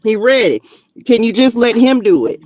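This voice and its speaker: A man hosting a spiritual livestream, preaching casually and talking straight to his viewers in animated slang while reading tarot cards. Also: extremely high pitch, moderate pace, no room sound, dull audio. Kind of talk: casual preaching to a live chat. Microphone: streaming mic.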